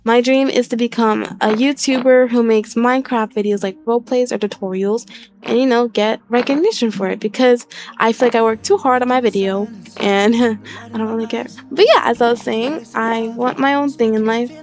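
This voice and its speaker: A woman's voice: a little high, steady tone, moderate pace, a little mellow. A young woman talking through a casual game tutorial, chatty and rambling, with a giggly streak. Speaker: Minecraft tutorial YouTuber. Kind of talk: casual screen-recorded tutorial.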